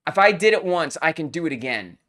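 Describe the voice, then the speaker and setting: A live-stream host playing a game and commenting, excitable, swinging between mock rage and giggly chatter with playful made-up exclamations. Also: medium pitch, a little fast.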